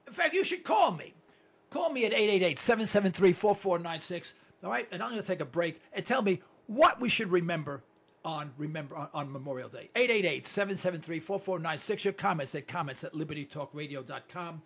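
Ranting husky-voiced male talk radio host. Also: high-pitched, brisk. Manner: animated and ranting, with repeated catchphrases. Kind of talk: opinionated talk radio monologue.

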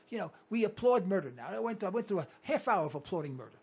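New talk radio guy going hoarse, husky, ranting, voice jumps all over and goes up high. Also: quick pace, few pauses. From New York. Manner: animated ranting, mocking voices, sudden loud outbursts. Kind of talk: ranting call-in radio monologue.

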